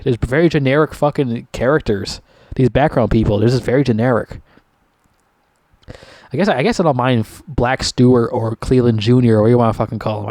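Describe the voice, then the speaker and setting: A man's voice: mid-range voice, darkish tone, dry recording. A man giving a casual, profanity-laced rant reviewing a TV season, his voice jumping sharply upward when he gets annoyed. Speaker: TV show reviewer.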